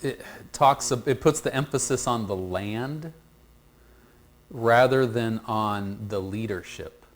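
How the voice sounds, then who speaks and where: A man leads a Bible study group, speaking haltingly and repeating words while he works through a passage and draws answers from the class. His voice sits in the mid range.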